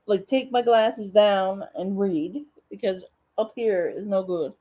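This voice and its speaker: A woman's voice: medium pitch, takes it slowly, dark tone. A woman hosting a casual livestream, joking and swearing freely as she chats with viewers. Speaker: livestream host.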